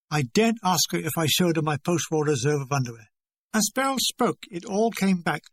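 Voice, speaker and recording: A man's voice: on the high side, animated, a little fast, dry recording. An older English man reading his own war memoir in a dry, wry, conversational way. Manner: dry, wry and conversational, acting out remembered dialogue.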